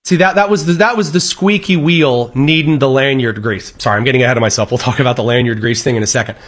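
A man's voice: mid-range voice, fast. A man giving sarcastic political commentary in a vlog, with stammering restarts and snarky asides. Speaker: commentary vlogger. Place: Chicago.

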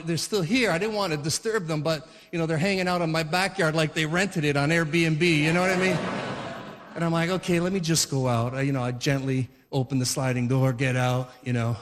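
Rambling high-voiced stand-up comic. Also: male voice, big-room sound. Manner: rambling, self-interrupting, chuckling. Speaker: stand-up comedian. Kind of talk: stand-up comedy.

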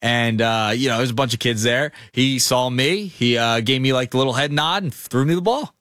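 A man's voice: medium pitch, moderate pace, a bit bright, no room sound, studio quality. A man co-hosting a sports radio show, chatting casually and a little out of breath.

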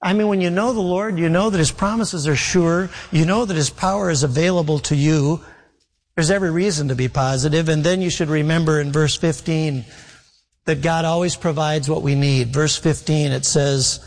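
A man's voice: a little high, steady tone, normal speed, big-room sound. A man preaching a sermon in a folksy, conversational way, reading verses and acting out a story's dialogue. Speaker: pastor.

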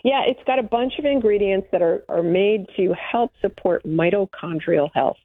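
A woman's voice: mid-range voice, normal speed, dry recording. A woman speaking as a guest expert in a casual interview, chatty, often trailing off and restarting. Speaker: supplement company guest expert. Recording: tinny phone-like line.

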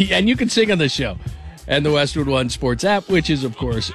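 A man's voice: on the high side, sing-song, normal speed, fairly bright tone, soft background music. A man hosting a late-night sports talk radio show, rambling and restarting his sentences and laughing often. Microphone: studio microphone. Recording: dry close studio sound.

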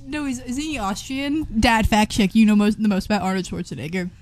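A young woman co-hosting a casual chat, giggly and excitable, often restarting her sentences. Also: mid-range voice, fairly quick. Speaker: co-host.

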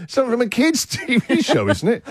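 A man's voice: very high-pitched, fairly quick, noisy background. A man from England hosting breakfast radio, laughing and bantering with co-hosts. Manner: lively, laughing often. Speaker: radio host.

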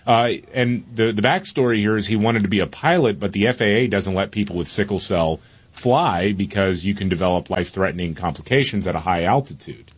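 A man co-hosts a talk radio show and reads out news stories at an easy pace. His voice sits low and a bit husky. He fills pauses with "uh"s. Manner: relaxed, fills with "uh".

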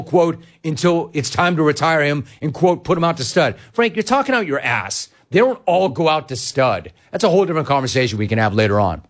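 A male sports talk host rolls through a monologue, his pitch leaping up and down as he gets worked up. He talks emphatically and tells stories in a conversational way, pushing back on listeners' comments. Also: sing-song, quick pace.

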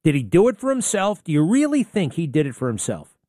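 A man hosting talk radio in a combative, sarcastic monologue, firing off rhetorical questions. His voice sits a little high and comes across dry and close to the mic. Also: huge pitch swings, brisk, mellow, no echo.

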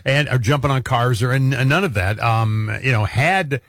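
A man's voice: mid-range voice, normal speed, a bit bright, dry recording, clean studio sound. A man hosting a talk radio show, jokey and conversational. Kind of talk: casual political talk radio chat.

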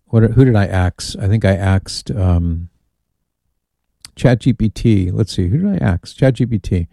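Male call-in radio host: low, warm, dry studio sound, easygoing and amused. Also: lively intonation, measured pace, gravelly, no room sound. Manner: chatty, amused, reads listener emails aloud.

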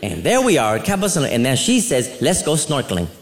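A middle-aged man doing a stand-up comedy set, telling rambling, animated stories with asides. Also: mid-range voice, quick pace. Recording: roomy venue sound with light noise.

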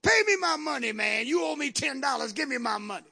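A man preaching, voicing a harsh male servant who roughly demands a small debt from a fellow servant. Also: very high voice, lively intonation, brisk, sharp tone, exaggerated voice. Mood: demanding.

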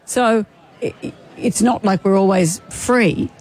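A woman's voice: mid-range voice, a little slow, darkish tone, soft background music. A woman co-hosting a radio show, chatting casually and arguing her point with stammered restarts. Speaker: radio co-host. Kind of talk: casual on-air banter.

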